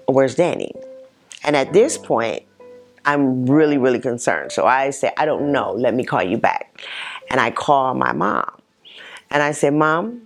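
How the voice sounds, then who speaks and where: Low, slow-speaking woman telling her story. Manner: halting, emotional, many pauses and restarts. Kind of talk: personal testimony.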